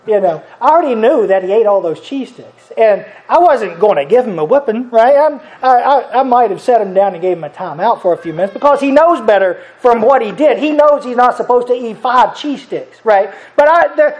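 A man's voice: extremely high pitch, lively intonation, fairly quick. A middle-aged man preaching a sermon in a folksy, conversational way, chuckling as he talks. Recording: dull lo-fi recording.

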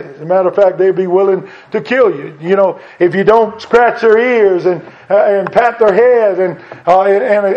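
A high-voiced man preaches an earnest sermon, quoting scripture and circling back over his points. The recording is dull and lo-fi. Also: a little mellow.

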